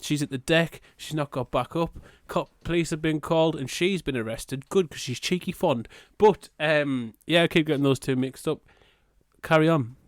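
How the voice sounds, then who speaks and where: A man's voice: a little high, moderate pace, no room sound. Man, podcast co-host, sweary riffing chat, dry close sound. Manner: sweary, riffing, playfully exaggerating. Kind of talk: casual comedic chat.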